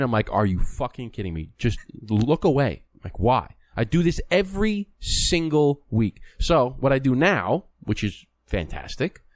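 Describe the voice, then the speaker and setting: A man's voice: medium pitch, no room sound. A man co-hosting a podcast, talking in a blunt, casual way with the odd curse. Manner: blunt, profane storyteller. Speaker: podcast co-host. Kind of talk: casual chat.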